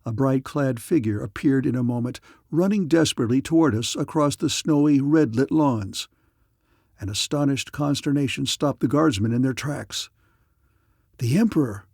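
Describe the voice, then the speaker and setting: A man narrating a science fiction audiobook in a dramatic, measured manner. His voice sits at a middle pitch, and the recording is dry and close, with no room sound. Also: vocal fry, darkish tone, dry recording.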